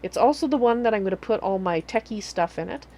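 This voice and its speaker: A woman's voice: medium pitch, lively intonation, fast talker, darkish tone. A woman streamer giving a casual, rambling walkthrough of her game build, full of fillers and restarts.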